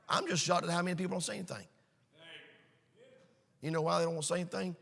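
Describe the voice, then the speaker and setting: A man preaching a sermon, emphatic and storytelling, swinging between shouts and hushed asides. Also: extremely high pitch, expressive, fast, vocal fry, long reverb tail. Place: church sanctuary.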